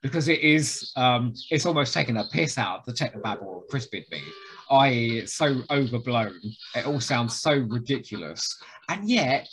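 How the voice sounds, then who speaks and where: A man co-hosting a podcast, enthusiastic and jokey, often pausing to find words. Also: medium pitch, lively intonation, a bit bright. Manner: enthusiastic, jokey, hesitant with fillers. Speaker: podcast co-host. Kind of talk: casual podcast chat.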